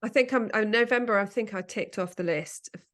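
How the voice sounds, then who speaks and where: A woman's voice: medium pitch, brisk. Chatty English woman telling funny stories. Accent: British English. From England. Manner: animated storytelling, laughs and swears freely. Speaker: podcast co-host. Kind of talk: casual chat.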